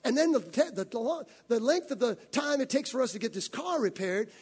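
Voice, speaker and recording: A man's voice: extremely high pitch, expressive, darkish tone, husky, full character voice. A man doing a pushy car rental salesman. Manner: fast, upselling patter.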